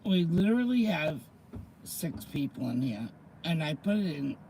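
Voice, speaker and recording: A middle-aged man hosts a casual livestream in a slightly high, mellow voice. He talks slowly and easily, greets viewers by name and reads slang definitions aloud. Faint noise sits under his voice. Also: very animated, gravelly, rough recording. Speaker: livestream host.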